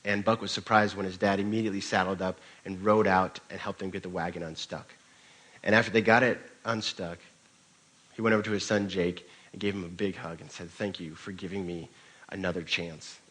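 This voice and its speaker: Pastor guy giving a sermon, low voice, casual storyteller vibe. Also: fairly even intonation, brisk, fairly bright tone, rough recording. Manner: conversational storytelling with occasional restarts.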